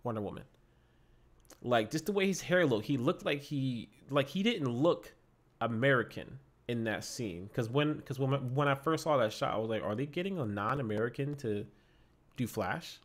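A man co-hosting a podcast, chatting casually about a film, excitable and often repeating words as he goes. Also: mid-range voice, moderate pace. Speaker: podcast co-host. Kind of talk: casual movie review chat. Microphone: podcast microphone.

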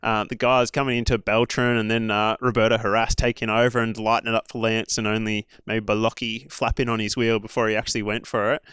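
A man's voice: lowish voice, flat delivery, quick pace, hardly any pauses, a bit bright, smooth, dry recording, studio quality. An Australian man, a former pro cyclist, telling stories in a rambling, casual way full of fillers and asides. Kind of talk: casual storytelling chat.

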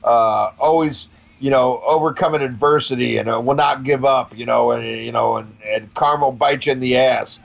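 A man co-hosting a casual talk show, calmly pushing back and defending his view. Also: mid-range voice, normal speed, gravelly, few pauses, dull audio. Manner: laid-back, pushes back with a defending argument. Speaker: podcast co-host. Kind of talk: casual chat.

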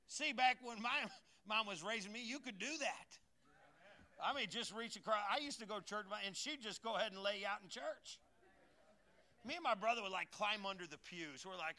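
A man's voice: high voice, animated, moderate pace, sharp tone. An older man preaching a sermon as a pastor, folksy and joking, calling out to his congregation in a church. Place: church sanctuary.

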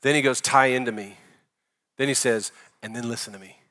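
Bright-voiced male pastor preaching. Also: medium pitch, a little fast. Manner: conversational preaching, rising loud for emphasis then dropping soft. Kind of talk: sermon.

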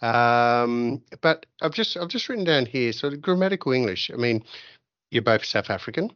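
A man's voice: medium pitch, sing-song, normal speed, a bit bright, no echo. A man hosting a podcast, talking in a rambling, chatty way with many fillers as he builds up to a question. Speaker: podcast host. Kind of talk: podcast interview. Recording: dry, slightly muffled podcast audio.

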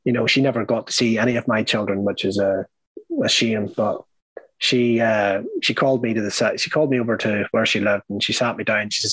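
A middle-aged man from Northern Ireland, speaking in that accent, tells his life story candidly and ramblingly, full of fillers and blunt swearing. His lowish voice is steady, brisk, a bit bright, and husky, and the audio is poor though free of room sound.

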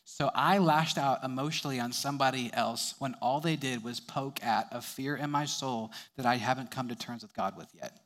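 A man's voice: mid-range voice, moderate pace, hardly any pauses, a bit bright. A young adult man preaching a sermon, telling stories and chuckling between sentences.

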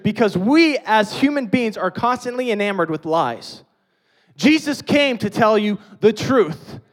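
A man preaching a sermon, emphatic, swinging between loud stressed phrases and quiet low passages. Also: lively intonation, unhurried.

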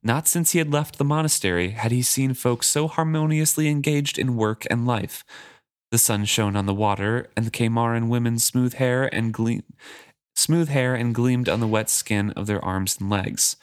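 A man co-hosting a casual book podcast, reading passages aloud and paraphrasing them in a relaxed way. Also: medium pitch, moderate pace, clean tone. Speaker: podcast co-host.

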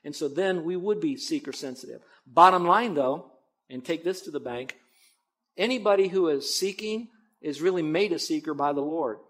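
A man's voice: on the high side, normal speed. Earnest, emphatic male pastor. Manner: earnest and emphatic, swinging between loud stresses and quiet asides. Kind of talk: expository sermon.

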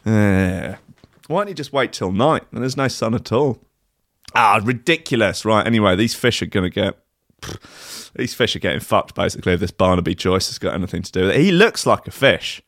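A man's voice: on the low side, animated, moderate pace, fairly bright tone, dry recording, studio quality. A man reading news stories aloud and riffing on them with sweary, mocking comedy. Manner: sweary, mocking, laughs often. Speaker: comedy host.

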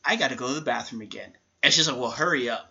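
Bright-voiced young man telling stories. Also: medium pitch, rapid-fire. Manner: animated storyteller, acts out quotes, swears freely. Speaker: podcast co-host. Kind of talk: casual storytelling chat. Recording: lo-fi podcast recording.

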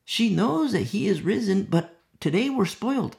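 A preacher with a gravelly edge to the voice delivers an impassioned sermon. The delivery swings between firm, raised emphasis and near-whispered asides, and key phrases come back again and again. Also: medium pitch, very animated, normal speed, darkish tone. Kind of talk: expository sermon.

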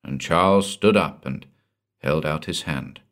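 A man narrating a short story in a measured, deliberate reading. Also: rumbling low, a bit bright. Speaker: audiobook narrator.

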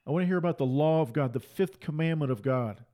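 A man delivers a fiery sermon. His voice sits fairly high, and he drives each point home by repeating it with emphasis. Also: fast talker, dark tone. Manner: emphatic, repeats phrases for force. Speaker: preacher.

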